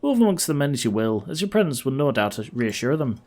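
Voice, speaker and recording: A man's voice: mid-range voice, quick pace, close to an everyday voice. A man voicing an eager old male archaeologist in a put-on Irish accent. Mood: grateful. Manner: animated, eager, chatty.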